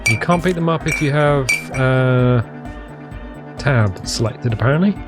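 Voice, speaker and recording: A man thinks aloud while playing a video game, in a casual, hesitant way full of fillers. His voice sits at an ordinary middle pitch. Game music plays clearly behind him. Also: lively intonation, unhurried. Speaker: let's play host. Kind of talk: casual gameplay commentary.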